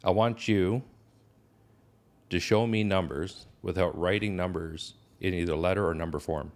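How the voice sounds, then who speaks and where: A man with a Newfoundland accent voicing a gruff, brusque job supervisor in a joke. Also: sits low, normal speed, a little mellow. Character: gruff middle-aged male job supervisor.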